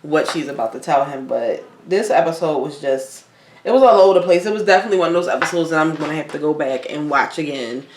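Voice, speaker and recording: Woman, co-host, low-ish voice, blunt, cussing, casual recap talk, roomy echo. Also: expressive, fast talker. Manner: blunt, exasperated, swears freely. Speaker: podcast co-host.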